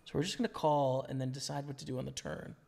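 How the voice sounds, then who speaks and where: Young man, gravelly voice, casual live-stream chatter, thinks out loud, voice going hoarse. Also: mid-range voice, fairly even intonation, quick pace. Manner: casual, chatty, thinks aloud about hands. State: losing his voice. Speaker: poker streamer.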